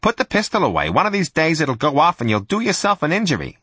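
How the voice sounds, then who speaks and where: A poised American woman who mocks sweetly and gives crisp orders, as a man puts her on. The voice sits well above a man's own register, a little husky, and the recording is close and dry. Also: a little high, huge pitch swings, fast talker, a bit bright, dry recording, voice pushed up, heavily acted. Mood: sweetly mocking. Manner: sweetly mocking, commanding. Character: poised, teasing American woman, cool commander.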